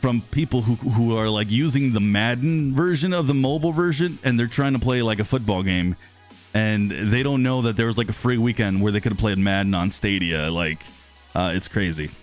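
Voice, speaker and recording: A man in his thirties casually chatting with viewers on a live stream, rambling and talkative, losing his voice and clearing his throat. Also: fairly quick, faint music behind. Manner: chatty and rambling, lively pitch swings when greeting viewers. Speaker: streamer host reading live chat.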